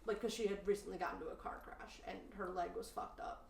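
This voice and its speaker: Recorded from a distance in a roomy space, a woman co-hosting a casual podcast talks quickly with a fairly low, vocal-fried voice. She gets worked up as she tells indignant, animated stories packed with "like" fillers.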